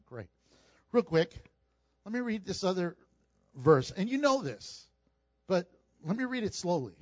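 A man with a high voice preaches in a chatty, emphatic way, tossing quick asides to the congregation between points. The sound is dry and a little dull, like a lo-fi recording. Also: dry recording. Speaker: pastor. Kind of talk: sermon.

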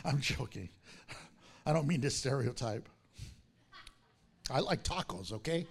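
A man preaching a sermon, telling the story in an animated way, acting out its characters, and laughing often. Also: medium pitch, a little slow, gravelly, a little hiss or hum.

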